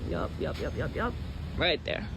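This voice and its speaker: A woman's voice: deep voice, wildly swooping pitch, normal speed, fairly bright tone, husky, low-quality recording. A woman complaining bluntly in a casual phone video.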